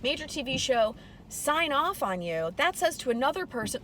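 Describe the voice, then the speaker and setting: A blunt, animated woman with a fairly high voice swears her way through a casual chat. She is riding in a car, and clear road noise runs under her. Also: normal speed, rough recording. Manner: blunt and profane, animated storytelling. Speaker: guest, PR consultant and comedian. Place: inside a car driving in a city.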